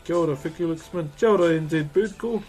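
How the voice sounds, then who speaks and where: A man's voice: fairly high pitch, fast, darkish tone, faint music behind. A man chatting casually on a live stream while woodcarving, laughing often and greeting viewers. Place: carving workshop.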